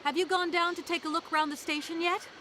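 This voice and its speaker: An actress voicing an ambitious young lawyer woman in a video game, poised, brisk and sharp-tongued. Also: very high voice, steady tone, a little hiss or hum. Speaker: game protagonist.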